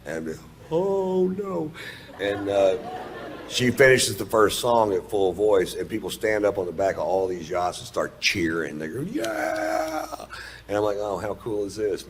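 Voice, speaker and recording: A man's voice: low voice, normal speed, slight background noise. A man telling a long stand-up story in a laid-back, profane, drawling way. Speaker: stand-up comedian. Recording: played stand-up clip.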